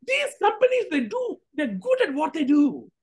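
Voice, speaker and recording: A woman hosting a casual commentary vlog, talking in an animated, emphatic way with rhetorical questions and restarts. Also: sits high, normal speed. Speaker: host.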